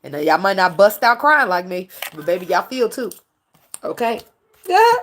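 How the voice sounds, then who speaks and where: A woman's voice: mid-range voice, sing-song, normal speed, a little hiss or hum. A woman tarot reader talking casually to her viewers, preachy and profane, and emotional about her faith. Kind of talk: casual tarot reading monologue.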